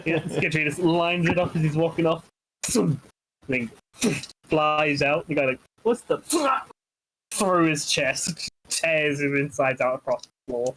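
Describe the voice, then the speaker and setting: A man's voice: a little high, steady tone, a little slow, a bit bright, low-quality recording. A man running a tabletop game as game master, with a laid-back, wry way of talking. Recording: background noise and clicks.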